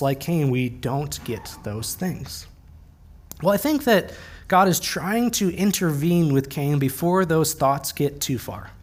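A man preaching a sermon in an easy, conversational manner, his voice sitting a touch high for a man. He speaks plainly and slips in dry bits of humor along the way. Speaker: pastor.

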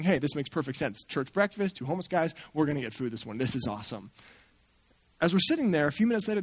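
A man speaking at a church gathering, telling a story in an animated way and acting out the people he quotes. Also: a little high, no room sound. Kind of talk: storytelling talk.

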